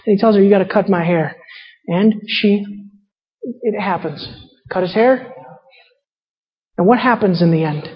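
A woman's voice: mid-range voice, measured pace, pauses often, husky. A woman preaching a sermon, reading scripture and retelling characters in casual paraphrase. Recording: muffled sound in a reverberant hall.

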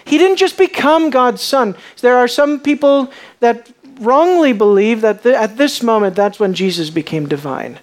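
A preacher giving a sermon, asking the listeners questions, repeating words while thinking, and moving between hushed lines and raised, emphatic ones. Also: medium pitch, expressive, moderate pace.

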